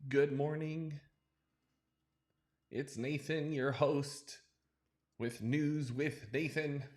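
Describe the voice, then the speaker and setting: Brief: put-on broadcast reporter, slow and lifted, a man playing it up. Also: on the high side, fairly even intonation, a little mellow, voice pushed up. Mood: mock formal. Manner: slow, raised, announcer-like delivery. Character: mock formal male news reporter.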